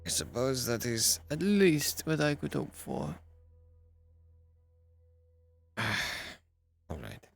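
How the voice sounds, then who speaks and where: A man's voice: medium pitch, huge pitch swings, slow pace, creaky, soft background music, exaggerated voice. A man voicing a formal, hesitant young German intellectual in his late twenties, with a put-on German accent. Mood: weary.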